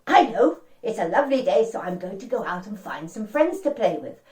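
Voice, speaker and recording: A woman's voice: mid-range voice, sing-song, brisk, darkish tone, close to an everyday voice. A woman voicing a cheerful, friendly male bear in a children's story, eager to find friends. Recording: roomy and distant.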